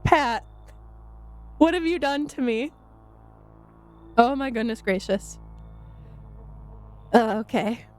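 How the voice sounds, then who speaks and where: A woman streamer chatting with her viewers, giggly and excitable, laughing herself to tears and often squealing. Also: a little high, takes it slowly, long pauses. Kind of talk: live-stream chat with viewers. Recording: faint music in the background.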